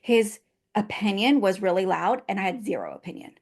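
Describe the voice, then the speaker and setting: A woman hosting a podcast, her voice in a middle range. She tells personal stories in a lively, chatty way and often jumps in with quick, encouraging agreement. Her delivery is casual and conversational. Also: medium pitch. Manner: lively personal storytelling, frequent agreeing interjections. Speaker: podcast host.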